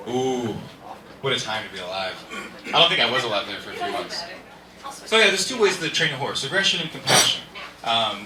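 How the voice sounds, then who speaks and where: A man doing a stand-up comedy set, rambling and laughing at his own jokes, recorded live at an indoor show. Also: mid-range voice. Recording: echoey room, distant mic, faint hiss.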